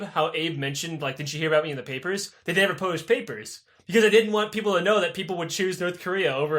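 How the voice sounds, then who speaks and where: A young man co-hosts a casual podcast, spinning a history story with plenty of swearing. His voice sits high and swings widely in pitch. He breaks into quick voices for the people he describes. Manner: animated, profane, acts out characters in quick voices. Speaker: podcast co-host.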